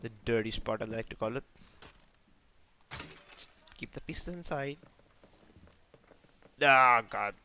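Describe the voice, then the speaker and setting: A man hosting a gaming channel, giving live, excitable and self-mocking commentary as he plays, talking to teammates and enemies. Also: mid-range voice, measured pace, pauses often, slight background noise.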